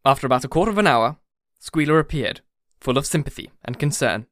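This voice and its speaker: A man narrating an audiobook with steady, even reading. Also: medium pitch, fast talker, no echo, clean studio sound. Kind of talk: scripted narration.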